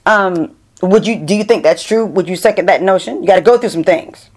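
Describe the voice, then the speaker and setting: A middle-aged woman interviewing a guest in a casual, animated chat, full of restarts. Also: fairly low pitch, a little fast, a little hiss or hum. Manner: chatty, animated storytelling with many restarts.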